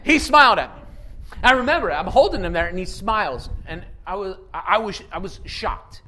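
A man in his thirties preaching a sermon, telling a personal story with laughs and swinging from hushed to near-shouting. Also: sits high, expressive, brisk. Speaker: pastor.

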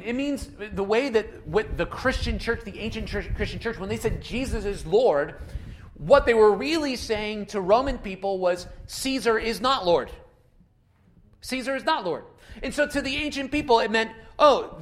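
Male preacher, animated delivery, higher-pitched voice, storytelling from the pulpit. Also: moderate pace. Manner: animated preaching with repeated emphatic refrains. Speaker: pastor. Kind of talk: sermon.

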